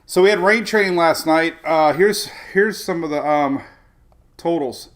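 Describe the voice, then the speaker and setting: A man's voice: a little high, a little slow. A man in his forties hosting a casual morning live stream, rambling chattily, greeting viewers by name and talking to his dogs, from his home in Florida. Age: 40s. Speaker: weather streamer host.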